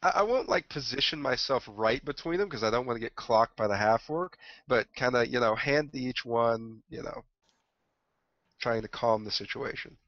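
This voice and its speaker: A man's voice: mid-range voice, animated, moderate pace, no echo, muffled recording. A man playing a tabletop game, easygoing and a bit self-deprecating. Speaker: player. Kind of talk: casual tabletop game chat.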